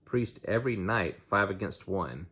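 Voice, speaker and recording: A man reading aloud and voicing a blustering army captain who teases in slow, clipped, broken phrases. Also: low-pitched, lively intonation, sharp tone, breathy edge, heavily acted. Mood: teasing.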